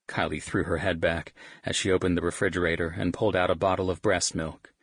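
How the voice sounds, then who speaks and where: Male narrator, first-person audiobook, wry and casual, very low voice, husky, dry close studio sound. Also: little pitch movement, fairly quick, no echo. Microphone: studio microphone.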